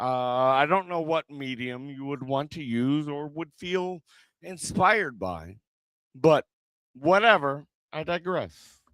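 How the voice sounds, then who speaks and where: A man's voice: a little high, bright, forceful tone, no echo. A man hosting an open mic, chatting in a rambling, hesitant way between acts. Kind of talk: casual emcee banter.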